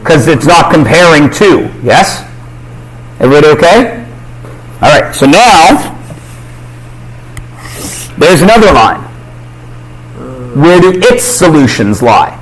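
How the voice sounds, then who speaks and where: A man's voice: fairly high pitch, very animated, slow pace, pauses often, a little hiss or hum, rough recording. A man teaching a math class, quizzing students and cracking jokes. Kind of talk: classroom lesson.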